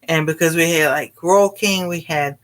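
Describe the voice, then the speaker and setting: A woman's voice: low voice, normal speed. A woman cooking vlogger telling a personal story in a casual, rambling way, with many fillers and exclamations. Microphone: livestream.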